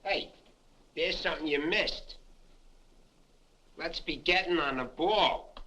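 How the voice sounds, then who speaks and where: A man's voice: a little high, takes it slowly, pushed and bright, low-quality recording. A man playing a self-important army sergeant in a 1950s film, bossy and drawling as he nags about tidiness. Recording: old film soundtrack, light hiss.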